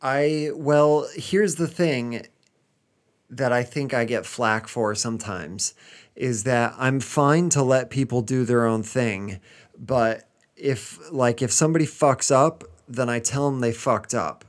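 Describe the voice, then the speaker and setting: A man's voice: medium pitch, slow pace. A man from the United States co-hosting a casual podcast chat, hesitant, with frequent ums and restarts. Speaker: podcast co-host.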